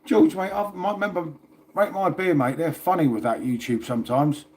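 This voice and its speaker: Chatty man, slightly high voice. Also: fairly even intonation, moderate pace. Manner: rambling, chatty, swears casually. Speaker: livestream host. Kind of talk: casual livestream chat.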